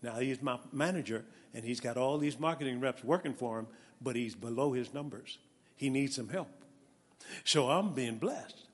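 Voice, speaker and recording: A male preacher giving an animated sermon with a personal testimony, calling out to his congregation and building to shouts. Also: mid-range voice, normal speed, breathy edge. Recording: long reverb of a large hall.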